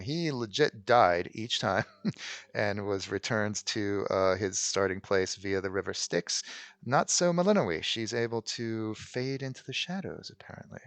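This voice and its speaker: A man's voice: lowish voice, fairly bright tone, no echo. A man hosting a let's play, giving casual gameplay commentary in a rambling way with frequent ums. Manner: rambling, many ums and restarts.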